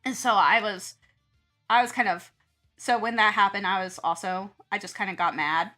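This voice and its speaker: Over faint background music, a Southern art streamer and teacher draws and talks casually, rambling and laughing frequently as she performs her own reactions. She has a mid-range voice with fairly even intonation, a moderate pace, and a pushed, bright quality.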